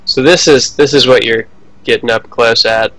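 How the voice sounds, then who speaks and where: A man's voice: mid-range voice, steady tone, moderate pace, fairly bright tone, slight background noise, poor audio. A man playing a tabletop game, narrating his character's actions with jokes. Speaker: player.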